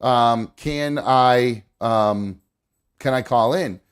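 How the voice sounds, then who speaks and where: A man's voice: mid-range voice, extremely slow, clean tone. A man hosting a live call-in stream, chatting casually with frequent swearing and restarts. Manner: rambling, swears freely, restarts sentences. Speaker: host of a live call-in show.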